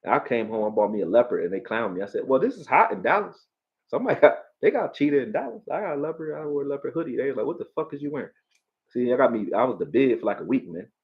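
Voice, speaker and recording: A man from Philadelphia with a Philly accent, hosting a live football stream, profane and animated, talking back to his chat. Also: medium pitch, very fast, dull audio. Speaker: sports streamer.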